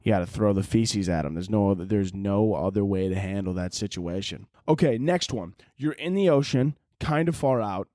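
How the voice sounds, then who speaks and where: A man hosting a solo podcast, rambling through a crude, profane comedic monologue with animated swings in his delivery. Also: on the low side, moderate pace, few pauses, dry recording, clean studio sound. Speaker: podcast host.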